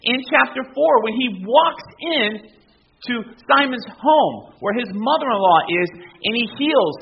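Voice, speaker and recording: A man's voice: very high-pitched, expressive, measured pace, gravelly, lo-fi sound, slight background noise. A man preaching a sermon as pastor, emphatic and often asking the congregation questions.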